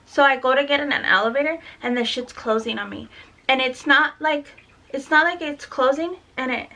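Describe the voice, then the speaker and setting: Her voice is high-pitched, pushed and bright, at normal speed. This mother, still tired and lightheaded, rambles through a cursing story about her daughter in a casual vlog, acting out what people said.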